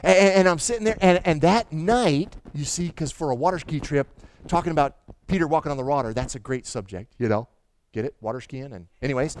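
A middle-aged man preaching in a high, bright voice. He tells his story eagerly and trips over repeated words as he speeds up. He keeps turning to the congregation with questions. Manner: animated storytelling with stammered restarts; asks the audience questions. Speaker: pastor. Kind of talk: sermon.

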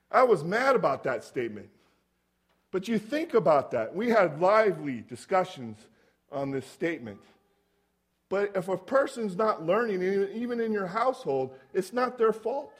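High-voiced man preaching a chatty sermon. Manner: storytelling, asks the audience rhetorical questions. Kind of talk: conversational sermon.

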